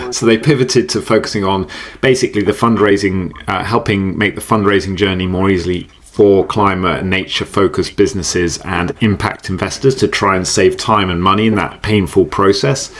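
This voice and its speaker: A middle-aged man talks in a casual, animated way, often laughing. His voice sits a little low. He doubles words when he restarts a thought. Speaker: podcast guest, entrepreneur. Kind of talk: casual interview chat.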